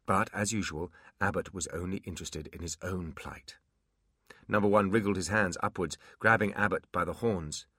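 A man narrating a fantasy audiobook in an expressive storytelling manner. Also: deep voice, normal speed, no room sound, studio quality.

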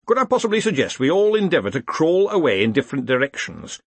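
A man's voice: fairly high pitch, very animated, quick pace, husky, dry recording, voice pushed up, heavily acted. A man voicing a polite, fussy scholarly wizard in an audiobook.

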